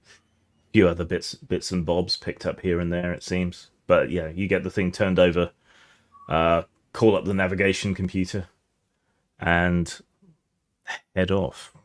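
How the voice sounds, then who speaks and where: A man narrating as game master of a tabletop game, relaxed and descriptive with many fillers. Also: low voice, measured pace, long pauses.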